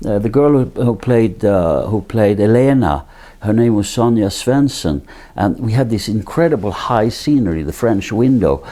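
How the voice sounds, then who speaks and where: Older man telling stories, low warm voice. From Sweden. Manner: rambling anecdotes with fillers and restarts. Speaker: actor. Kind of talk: interview storytelling.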